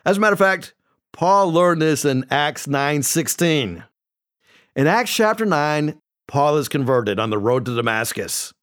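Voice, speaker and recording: A man preaching a sermon, slowing down to read scripture and lifting his voice for emphasis. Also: a little high, expressive, fairly bright tone. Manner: preaching with emphatic rises and slowed scripture readings. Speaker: pastor.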